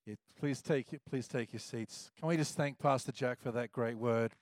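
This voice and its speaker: A man's voice: mid-range voice, normal speed, no room sound, studio quality. A man with an Australian accent leading the service, making loose, chatty announcements with self-corrections. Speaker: service leader. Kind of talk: casual church announcements.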